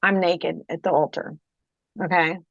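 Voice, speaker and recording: A woman from Kentucky giving a personal testimony in an interview, halting, restarting her sentences and often checking in with the listener. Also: on the low side, steady tone, creaky, dry recording, lo-fi sound. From Kentucky, USA. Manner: halting, frequent restarts, keeps checking with "okay?". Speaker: guest.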